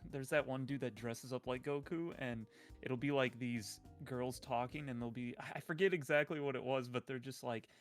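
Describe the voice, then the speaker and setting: A man's voice: medium pitch, fairly even intonation, normal speed, soft background music. A man joining a live stream as co-host, chatting playfully and laughing as he quotes cartoon lines. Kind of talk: casual live-stream chat.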